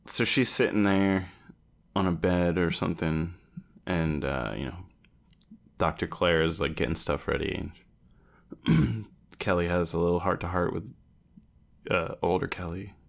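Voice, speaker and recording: Podcast cohost, casual recap, low gravelly voice, animated storyteller. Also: male voice, measured pace, pauses often. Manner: animated storytelling, acts out quotes.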